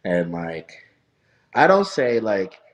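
A man who coaches wrestling chats loosely as a guest, his voice sitting a little low. He rambles through stories, swears freely and laughs often. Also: sing-song, slow pace. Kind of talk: casual chat.

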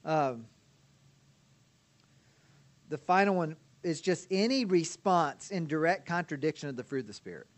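A man with a high voice gives a teaching lecture on counseling. He talks in a relaxed, conversational way and often checks in with his listeners. He laughs easily as he explains. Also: a little slow, pauses often. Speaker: counseling instructor.

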